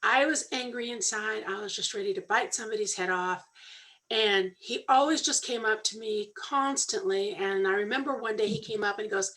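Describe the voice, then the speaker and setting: A woman candidly telling her own story on a talk show, earnest and animated when she quotes others. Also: medium pitch, normal speed, low-quality recording. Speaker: podcast co-host sharing her story.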